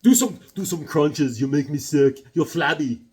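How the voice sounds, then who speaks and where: A man voicing a superhero playing a gruff fitness coach who barks and scolds chubby kids. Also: a little high, moderate pace, a little mellow, close to an everyday voice. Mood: scolding.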